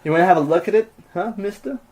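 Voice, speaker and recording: A man putting on the slow drawl of a laid-back male cowboy hero. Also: sits high, a little mellow, pitched above the performer's own voice, rough recording. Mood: taunting.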